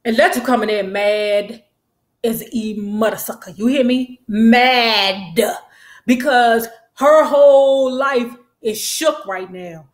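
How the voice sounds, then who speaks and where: A woman giving a sassy, slangy, animated recap of a TV episode. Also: fairly high pitch, slow. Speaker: show recap host. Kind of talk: casual recap commentary. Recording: echoey room.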